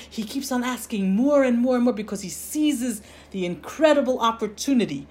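Woman giving an animated religious lesson. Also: on the high side, normal speed, hardly any pauses. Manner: animated storytelling with frequent restarts. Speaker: Torah teacher.

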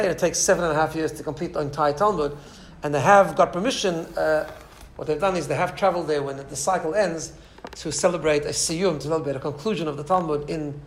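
Rabbi giving an informal class, quick and animated, voice pitched a little high, a small live audience in the room. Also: male voice. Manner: animated storyteller, many restarts and asides. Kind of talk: informal Torah class talk.

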